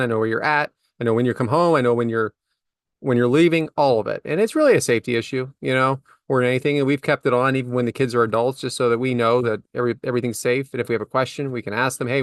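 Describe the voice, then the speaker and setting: In clean, dry studio audio, a middle-aged man co-hosting a podcast vents about everyday happenings. His storytelling is animated and exasperated, his pitch leaping dramatically as he chats casually.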